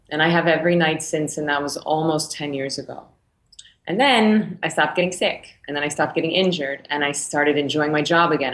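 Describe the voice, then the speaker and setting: A woman in her thirties, a meditation teacher telling her story in a casual interview, animated and laughing between phrases. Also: sits low, reverberant. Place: her studio.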